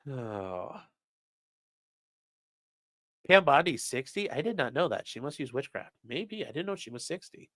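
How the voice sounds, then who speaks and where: Bright-voiced man rambling to his chat. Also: medium pitch, very animated, measured pace, pauses often, no room sound, studio quality. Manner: rambling, profane, reads chat aloud. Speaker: streamer and trial lawyer. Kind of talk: casual live-stream chat.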